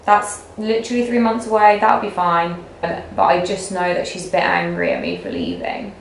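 Talking to the camera she's aimed at herself, a young woman rambles in her half-packed apartment, full of fillers and chatter. Her fairly low voice moves with lively intonation at a moderate pace; there's slight background noise and a roomy echo.

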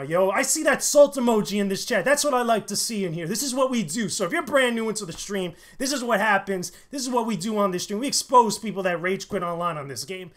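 A man streaming a fighting game live, commentating and trash-talking with loud excited bursts. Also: high voice.

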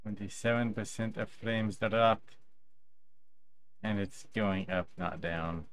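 A man streaming a video game, talking slowly and patiently and chatting softly to his pet duck. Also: lowish voice. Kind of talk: casual live game stream chat.

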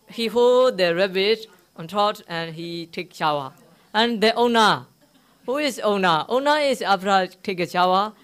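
Slow, smooth-voiced teaching monk. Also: male voice, high-pitched, a bit bright. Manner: simple broken English, often asks the listeners questions; tells a teaching story, repeating key words. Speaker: Buddhist monk teaching meditation. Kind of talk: dharma talk to a live audience. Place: meditation centre hall.

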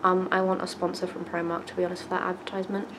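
A woman's voice: on the low side, flat delivery, very fast, noisy background. A young woman, telling a story casually to camera with lots of fillers and the odd swear. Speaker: vlogger.

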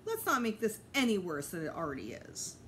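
A woman's voice: medium pitch, huge pitch swings, brisk, a bit bright, slight background noise. A woman voicing a sensible, exasperated mother in a storybook reading, firm and reasoning.

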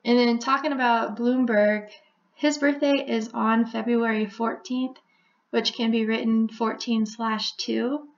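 In lo-fi audio, a video host who explains number codes walks through a number theory in a casual, chatty voice-over. Her voice is on the high side and unhurried, even in tone and peppered with "like" and "so."

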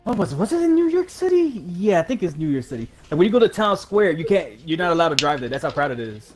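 A man chatting casually while gaming, chiming in with quick jokey remarks. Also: high voice, sing-song, darkish tone, faint music behind. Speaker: gaming co-player.

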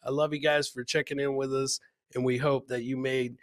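A man hosting a casual live podcast, hyped and chuckling as he shouts out to his viewers. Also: mid-range voice, little pitch movement, normal speed, no room sound, studio quality. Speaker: podcast host. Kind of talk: casual live-show chat.

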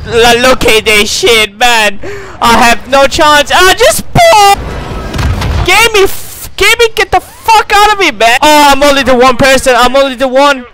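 A young man giving swearing, ranting gameplay commentary with loud outbursts. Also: very high voice, measured pace. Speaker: gaming YouTuber.

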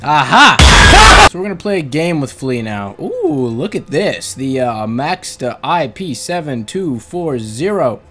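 A man giving excitable gameplay commentary, teasing the game's monster, then breaking into yells and shrieks. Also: mid-range voice, measured pace, few pauses. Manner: excitable, jumps to yelling and shrieks, teasing chatter. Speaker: gaming channel host. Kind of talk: let's-play gameplay commentary. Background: game music.

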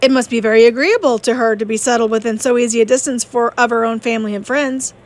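A woman reading the part of a proud, reserved young gentleman in an audiobook, terse and formal. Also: a little high, fairly even intonation, quick pace, lightly acted.

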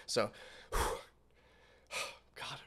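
Excitable man reacting to music. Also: extremely slow. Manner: excitable, swearing in awe, drifting to hushed mutters. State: emotional, tearing up. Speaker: reaction video host. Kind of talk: casual music reaction commentary.

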